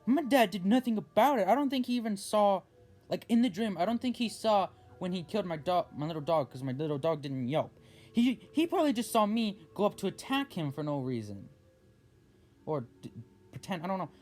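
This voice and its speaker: A young man telling a story on his vlog in a casual, rambling way, full of restarts and animated outbursts. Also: sits high, brisk, soft background music. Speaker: vlogger.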